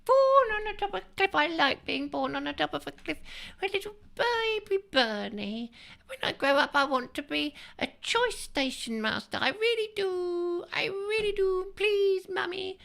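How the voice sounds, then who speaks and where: Squeaky, gravelly little boy, pleading and childish. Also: big pitch swings, normal speed, bright, forceful tone, full character voice. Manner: childish, pleading sing-song. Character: whiny little boy pleading with his mummy. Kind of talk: comic sketch voice.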